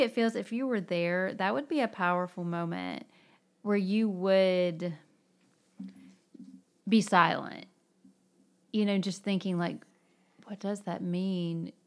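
Woman explaining thoughtfully, lower voice. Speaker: book discussion co-host. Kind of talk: casual chat.

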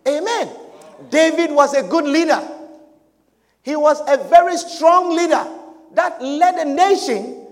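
A man preaching a sermon with slow, emphatic delivery, shouting his key points and drawing amens from the congregation. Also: very high-pitched. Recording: long reverb of a large hall.

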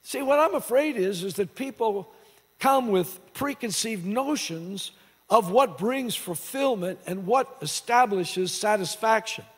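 A man's voice: sits high, lively intonation, unhurried, breathy edge. A man preaching a sermon as pastor, restarting phrases and repeating words as he goes. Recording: long hall reverb.

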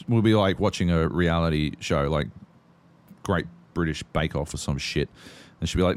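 A man's voice: low-pitched, fairly even intonation, normal speed. A man co-hosting a podcast, chatting casually about games while swearing constantly and rambling through stories. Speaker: podcast co-host. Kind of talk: casual gaming chat.

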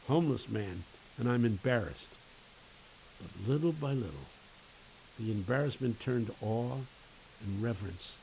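A man who teaches at a university, preaching a sermon with emphatic, folksy storytelling and dramatic pauses. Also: lowish voice, animated, creaky, darkish tone, slight background noise, rough recording.

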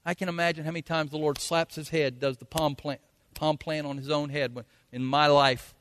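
A man's voice: a little high, little pitch movement, a little fast, slight background noise. Man preaching in an echoing hall. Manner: folksy, rises to loud acted quotes. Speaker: pastor. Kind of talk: sermon. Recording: long hall reverb.

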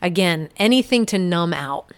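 A middle-aged woman with a lowish, smooth voice tells her story on a podcast. She speaks earnestly and haltingly, quiet and reflective, often trailing into hushed pauses. Her tone stays personal and unpolished. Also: expressive. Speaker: podcast guest. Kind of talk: personal testimony.

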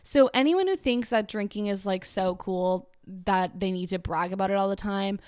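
A woman's voice: medium pitch, normal speed, a little mellow, clean tone, no echo, clean studio sound. A woman in her twenties ranting casually and sarcastically, rambling with lots of fillers.

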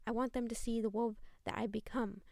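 Bitter smoker teen girl, gravelly and growling; woman reader doing her, dry close sound. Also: on the high side, steady tone, a little fast, mellow, dry recording. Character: bitter, angry teenage girl who smokes.

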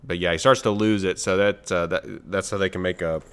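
Podcast co-host, man, lowish voice, loose rambling chat. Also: steady tone, a little fast, fairly bright tone, smooth. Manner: rambling, playful, trails off. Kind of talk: casual chat.

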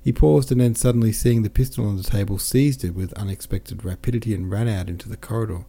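A man narrating a classic novel at a steady, measured pace as a podcast host. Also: lowish voice. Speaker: audiobook reader and podcast host. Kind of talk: audiobook narration.

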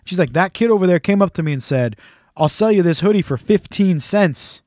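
A man's voice: sits high, animated, a little fast, darkish tone, dry recording, clean studio sound. A man hosting a casual chat, telling a rambling, profane, jokey story. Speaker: podcast host.

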